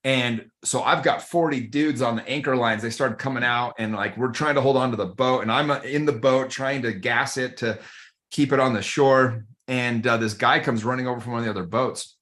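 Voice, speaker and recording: A man who coaches a men's group, telling a story as a guest in a podcast interview, animated and conversational, often addressing the host by name. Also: mid-range voice, moderate pace.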